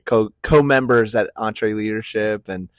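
A man's voice: lowish voice, no echo, studio quality. A man hosting a podcast interview in a casual chat, often stumbling over his words and repeating them. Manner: halting, repeats words, laughs along. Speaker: podcast host.

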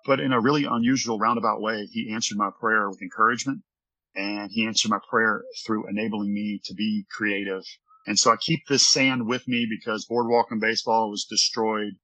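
A former baseball pitcher telling an earnest, rambling story from his office during an interview. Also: fairly even intonation, a little fast, pushed and bright, highs cut off.

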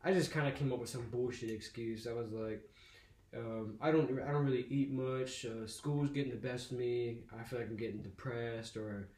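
A man's voice: medium pitch, steady tone, normal speed, darkish tone. Profane young man telling a story, echoey room. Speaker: podcast host. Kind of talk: casual storytelling. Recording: echoey room with faint noise.

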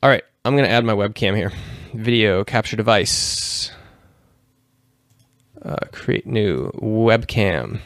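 A man in his thirties hosts a livestream, talking loosely and often correcting himself mid-sentence. His voice sits on the low side, recorded dry and close. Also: expressive, takes it slowly, fairly bright tone, no echo. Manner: rambling, self-correcting, informal. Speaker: host. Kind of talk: casual livestream chat.

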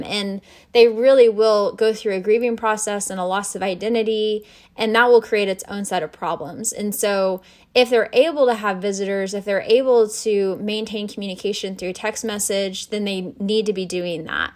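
A woman with a mid-pitched voice gives an informal nursing lecture. She talks in a loose, conversational way, with frequent fillers and restarts. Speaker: nursing instructor.

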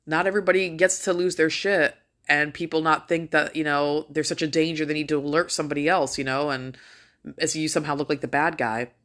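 A woman's voice: low voice, steady tone, brisk, fairly bright tone. A middle-aged woman ranting casually to her viewers, blunt and full of swearing as she tells a story. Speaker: vlogger.

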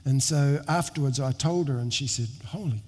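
A middle-aged male pastor preaching in a church hall, his mid-pitched voice carrying a long echo around him. He talks earnestly and conversationally, often restarting his sentences and making wry asides about himself. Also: moderate pace, darkish tone. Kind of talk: sermon with storytelling. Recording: long reverb of a large hall.

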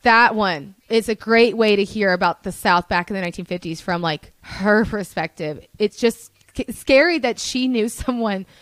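A woman's voice: mid-range voice, normal speed, fairly bright tone, no echo. A young woman, a podcast guest, chatting casually and telling rambling stories with laughter and swearing. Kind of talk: casual chat.

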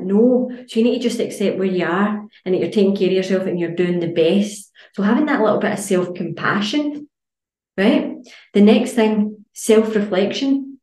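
A woman's voice: mid-range voice, lively intonation, normal speed, dark tone. Woman, podcast host, blunt, sweary, echoey room. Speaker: podcast host and fitness coach. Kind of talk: casual solo podcast monologue.

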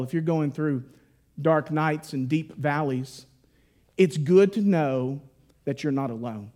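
A man's voice: fairly high pitch, a little mellow. A man preaching a sermon as pastor, with impassioned, rising and falling delivery and direct appeals to the congregation.

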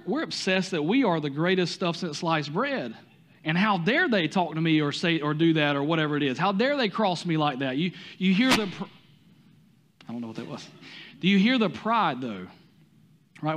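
A man's voice: high voice, sing-song, normal speed, slight background noise. A man with a Southern US accent preaching a sermon, talking to the congregation with many rhetorical questions and some stumbles. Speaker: pastor.

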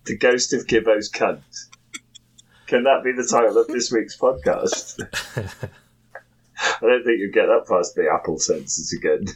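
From a home room in Japan, a man co-hosts a casual podcast, laughing, swearing and cracking dry jokes. His slightly rough voice is on the low side, a little slow, with long pauses. The recording quality is low.

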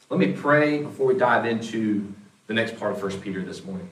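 A man's voice: fairly low pitch, animated, brisk. A man preaching a sermon as pastor in a conversational way, often restarting his words. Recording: echoey room, mic at a distance.

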